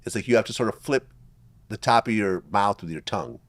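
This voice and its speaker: A man's voice: on the low side, expressive, fairly quick, no room sound. A man from Russia hosting an interview in a casual, laid-back way, leaning on fillers like "like" and "you know". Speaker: interview host.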